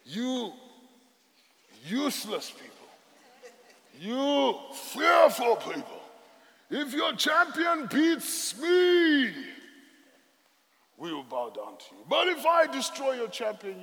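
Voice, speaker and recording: A man's voice: extremely high pitch, wildly swooping pitch, takes it slowly, long pauses, a bit bright, exaggerated voice. A man voicing a boastful, taunting giant warrior who bellows at his foes. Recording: echoey hall.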